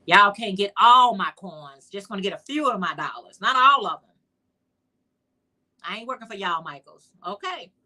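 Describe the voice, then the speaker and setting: Woman, livestream host, casual chat, bright tone, playful asides to viewers. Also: mid-range voice, expressive, normal speed. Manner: chatty, playful, talks straight to viewers; sassy, teasing asides.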